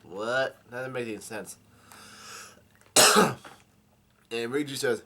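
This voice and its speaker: A man casually reading through a comic chapter aloud with his own comments, halting, with many fillers, restarts and coughs. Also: medium pitch, pushed and bright. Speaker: comic reader.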